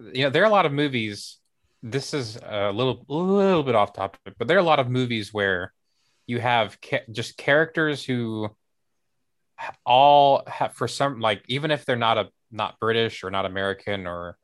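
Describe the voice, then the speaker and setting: Man, low voice, casual talk, rambling, restarts a lot. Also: fairly bright tone. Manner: rambling, hesitant, many restarts. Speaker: podcast co-host. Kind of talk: casual discussion.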